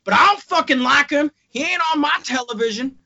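A man's voice: extremely high pitch, animated, a little fast, gravelly, bright, forceful tone, pitched above the performer's own voice, heavily acted. A man putting on a Texan accent to play a rowdy adult wrestling fan who hollers chants and jeers. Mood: belligerent. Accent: put-on Texan. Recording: dull lo-fi podcast audio.

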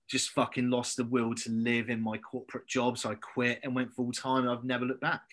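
An English personal trainer guests on a podcast for a casual chat, sweary and hesitant with lots of ums. His mid-range voice is monotone, fairly quick and a bit bright.

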